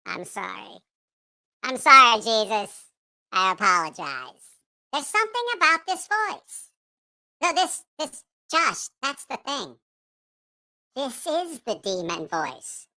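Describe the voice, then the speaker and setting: A man's voice: extremely high pitch, huge pitch swings, slow pace, pauses often, pushed and bright, pitched above the performer's own voice, exaggerated voice. A man voicing a grumpy, foul-mouthed childlike puppet character while chatting on a livestream, grumbling and swearing. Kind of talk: livestream chat in a put-on voice.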